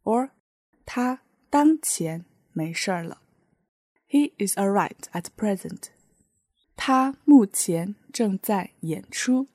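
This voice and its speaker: Slow, mellow-voiced woman teaching. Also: mid-range voice, lively intonation, no echo. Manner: patient, explains with many example sentences. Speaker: language teacher. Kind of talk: podcast language lesson.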